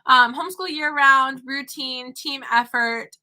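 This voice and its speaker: Bright, high-voiced chatty mom. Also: female voice, unhurried. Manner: chatty, talking with her child between points. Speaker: homeschooling mother and online teacher. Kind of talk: casual talk to camera.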